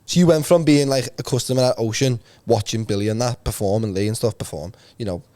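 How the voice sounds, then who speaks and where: A man's voice: medium pitch, quick pace, mellow, no room sound. A man hosting a podcast, chatting casually with guests in a teasing way, laughing often. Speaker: podcast host.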